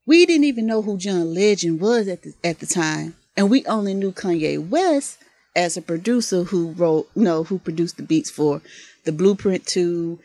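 A Southern woman from Mississippi co-hosts a casual podcast, her voice rising and falling with lively pitch. She talks with open enthusiasm and laughs easily. The recording is close and dry, with no room sound. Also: moderate pace, dry recording. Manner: animated, laughs often, enthusiastic. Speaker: podcast co-host.

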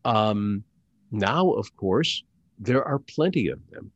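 A middle-aged man, an actor and audiobook narrator, speaking as an interview guest in a deliberate, hesitant way with many fillers and restarts. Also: on the low side, lively intonation, no echo. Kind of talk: conversational interview. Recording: dull lo-fi dry sound.

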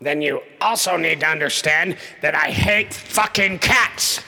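A man's voice: on the high side, unhurried, creaky, bright, forceful tone, exaggerated voice. A man playing a foul-mouthed counselor who hates cats, ranting and sputtering with constant swearing. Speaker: host. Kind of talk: improvised comedy sketch.

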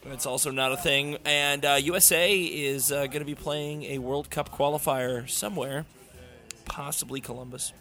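A man's voice: a little high, normal speed, soft background music. A man hosting a casual sports podcast, talking loosely with plenty of fillers. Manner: relaxed, many fillers and restarts. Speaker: podcast host.

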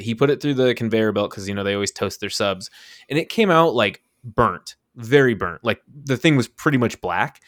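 A man's voice: on the low side, no room sound, clean studio sound. A young adult man co-hosting a podcast, telling an anecdote in casual chat, swearing freely and acting out the quoted lines. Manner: animated storyteller, swears freely, acts out quotes. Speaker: podcast co-host.

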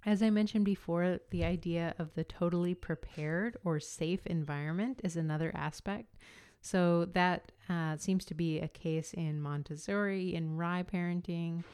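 A woman in her thirties hosting a solo podcast, explaining and comparing ideas in an unhurried way with frequent fillers. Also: fairly low pitch, fairly even intonation, darkish tone, clean tone. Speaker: podcast host.

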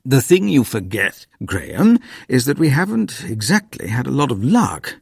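A man's voice: mid-range voice, wildly swooping pitch, normal speed, gravelly, breathy edge, no room sound, studio quality, voice pushed up, heavily acted. A man voicing a weary, downcast father who struggles to keep his temper in a storybook reading. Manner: weary, restrained.

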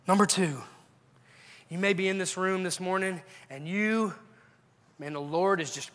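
A man's voice: high voice, moderate pace, a bit bright, big-room sound. A male pastor preaching a sermon in a church, earnestly urging his listeners with repeated questions. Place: church sanctuary.

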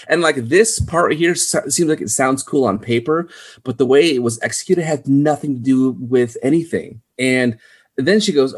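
A man's voice: mid-range voice, normal speed, breathy edge. A man co-hosting a casual movie review podcast, animatedly quoting lines from a film. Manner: animated, quotes dialogue in retelling. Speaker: podcast co-host.

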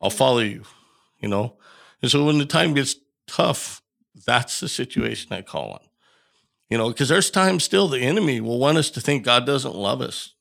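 Gravelly-voiced man telling a story. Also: medium pitch, moderate pace. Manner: animated storyteller, acts out quoted dialogue. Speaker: podcast guest. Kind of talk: casual storytelling.

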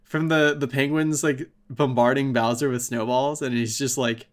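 A man's voice: mid-range voice, fairly even intonation, normal speed. A man co-hosting a podcast, chatting casually in a rambling way with lots of fillers and swearing. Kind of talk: casual chat.

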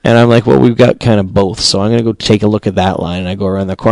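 Host, male, low voice, profane comic ranter who climbs to shouting, dry studio mic. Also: steady tone, very fast, creaky, few pauses, dry recording. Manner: swears constantly, rising into shouted outrage. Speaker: podcast host. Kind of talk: profane comedic rant. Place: small studio booth.

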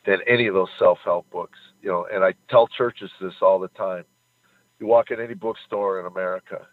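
A man telling the story of his faith in an earnest, halting way, choking up at times. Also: low-pitched, dry recording. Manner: earnest, halting, chokes up when moved. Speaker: comedian guest. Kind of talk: emotional faith testimony. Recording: tinny phone-like line.

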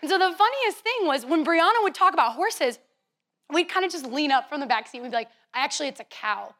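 A young woman youth leader telling a lively, chatty story to a youth group, playful and teasing. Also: extremely high pitch, fast.

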